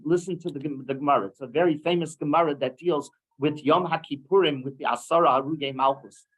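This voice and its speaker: A man's voice: a little high, fairly bright tone, low-quality recording. A man teaching a weekly Torah class, asking rhetorical questions and mixing in Hebrew terms. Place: synagogue room.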